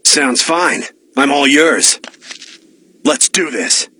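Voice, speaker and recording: An actor voicing a defiant young male martial arts hero in an anime dub, calm and cocky. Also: on the high side, very slow, slightly rough, heavily acted.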